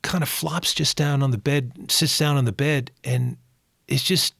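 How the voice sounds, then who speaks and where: A man's voice: medium pitch, steady tone, a little slow, vocal fry, fairly bright tone, husky, dry recording, clean studio sound. A man co-hosting a podcast, retelling film scenes in casual chat and acting out the characters' lines. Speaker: podcast co-host.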